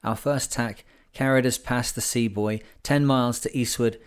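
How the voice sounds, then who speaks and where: Casting: a male narrator, clear and resonant, mid-pitched, with calm, measured storytelling delivery. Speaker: audiobook narrator. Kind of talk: audiobook reading of a classic sailing memoir.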